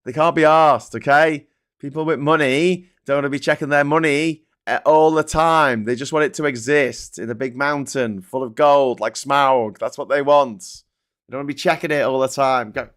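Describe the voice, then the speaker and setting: A British man talks through the news in a loose, sarcastic rant, swearing as he goes. His voice sits at a middling pitch and leaps upward when he gets fired up. He trips over words and repeats himself often. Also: steady tone, normal speed, a bit bright. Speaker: host of a political commentary show. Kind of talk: casual ranting commentary.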